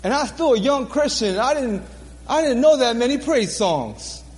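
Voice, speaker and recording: A man with a high, animated voice gives a sermon in a church hall. He speaks earnestly, repeating key phrases for emphasis. The room adds a long reverb. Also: normal speed. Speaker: preacher. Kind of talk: sermon testimony.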